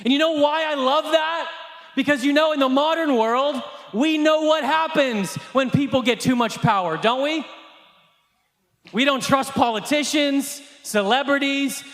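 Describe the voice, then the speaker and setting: A male pastor preaching a sermon at a church service, impassioned, with shouted emphasis. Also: extremely high pitch, unhurried. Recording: echoey hall reverb.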